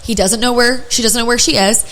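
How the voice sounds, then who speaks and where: A woman's voice: fairly high pitch, brisk, slight background noise, rough recording. A young woman hosting a podcast, telling a story in casual chat with lots of filler "like"s. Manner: animated storytelling with frequent "like" fillers. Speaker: podcast host.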